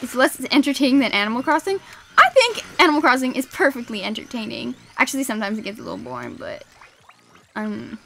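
Upbeat young female streamer; slightly high, very animated, giggly, quick to shriek. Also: creaky. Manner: excitable, laughs often, sudden shrieks at the game. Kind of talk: casual gaming stream chat.

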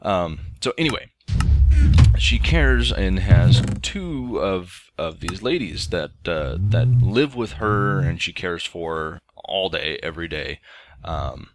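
A man's voice: low voice, animated, slow pace, slight background noise. A man in his thirties hosting a game playthrough, telling a casual story with lots of ums and restarts. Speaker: let's play host. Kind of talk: casual storytelling over gameplay.

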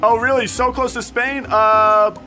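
A man's voice: very high-pitched, steady tone, measured pace, bright, forceful tone, faint music behind. A man from Los Angeles, a rapper on a video chat, talking in a friendly, easygoing way with casual slang.

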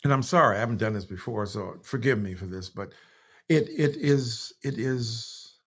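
A man's voice: mid-range voice, moderate pace, breathy edge. An American man in a video call, reading aloud in an impassioned, emphatic way and stopping to apologize. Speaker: guest author. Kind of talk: reading aloud in a virtual talk.

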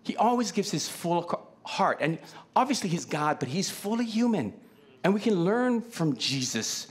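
Pastor, male; animated, very lively pitch, chatty Q-and-A preaching style. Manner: conversational, asks the congregation many questions. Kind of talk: sermon. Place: church.

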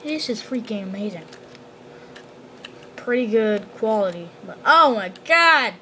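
An excitable woman commenting on a game as she plays, often bursting into exclamations. Her voice is fairly high, with a faint background hum. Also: unhurried. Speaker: gamer. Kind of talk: gameplay commentary.

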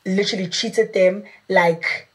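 A woman's voice: mid-range voice, steady tone, measured pace. A woman with a South African accent on a podcast, retelling a story with lots of "like" and acting out what people said. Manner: acts out quoted people, lots of "like". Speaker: podcast co-host.

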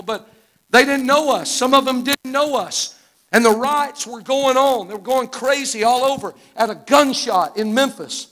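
A man's voice: extremely high pitch, a bit bright. A man in his fifties from Arkansas with a Southern American accent, preaching a live church sermon in a fervent, folksy storytelling manner. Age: 50s. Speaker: guest preacher. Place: church sanctuary.

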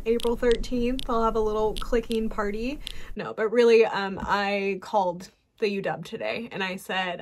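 A young woman vlogger telling a personal story to camera, candid and emotional, with frequent fillers. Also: medium pitch.

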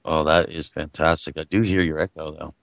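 A man from New York, working as a radio producer, talking casually in a rambling, halting way with lots of filler. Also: a bass voice, fairly even intonation, gravelly, fairly bright tone, no echo. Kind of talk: casual live radio chat.

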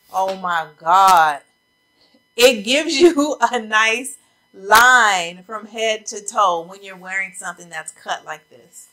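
Her voice is mid-range, bright, and forceful, captured in a rough recording by a camera mic facing a ring light. A chatty fashion vlogger, a little out of breath, she talks to "y'all" about coats in a casual try-on haul.

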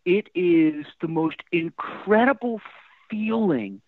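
Middle-aged male rock singer, animated talker, somewhat high voice, heard dry over a phone-like line. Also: slow pace, dry recording. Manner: animated storyteller with restarts and fillers. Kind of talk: casual interview storytelling.

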